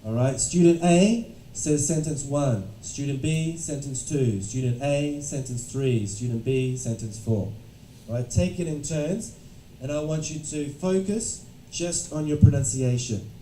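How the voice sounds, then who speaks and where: A man teaching a classroom of test-prep students, explaining clearly and checking in with the class as he goes. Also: mid-range voice, a little slow, warm tone, slight background noise. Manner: instructive, repeats "right?" to check understanding. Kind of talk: classroom lecture. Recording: roomy classroom from a distance.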